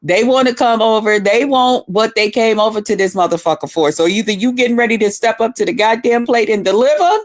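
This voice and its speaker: Talking a little fast with hardly any pauses, this woman streamer has a fairly high-pitched voice. In casual live chat she spins rowdy tales packed with cursing, addressing viewers directly and calling them out by name.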